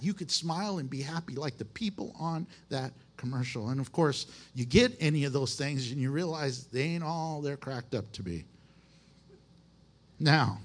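A man's voice: a little high, a bit bright. A man who is a pastor, preaching a conversational, emphatic sermon in a folksy way.

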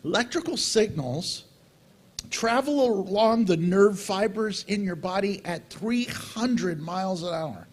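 A middle-aged man preaching a sermon as pastor, animated and acting out little dialogues with God. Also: sits high, slow pace.

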